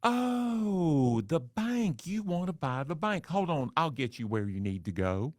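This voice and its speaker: A man's voice: on the high side, big pitch swings, a little slow, no echo, studio quality, voice pushed up. A man voicing a sweet, overly friendly female bank receptionist, chirpy and congenial. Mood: bright.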